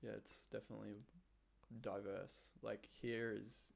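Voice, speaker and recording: A young Australian man chatting casually as a podcast guest, relaxed and full of "like" fillers. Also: on the low side, a little slow, creaky. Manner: relaxed, filler-heavy with frequent "like". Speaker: guest photographer. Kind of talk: casual chat.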